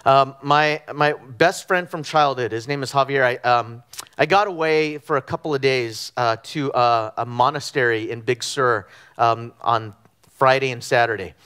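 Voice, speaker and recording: A middle-aged man from Southern California preaching a conversational sermon, telling animated stories with frequent ums and restarts. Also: mid-range voice, normal speed, clear, resonant tone. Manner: animated storytelling with frequent fillers. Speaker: pastor. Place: church sanctuary.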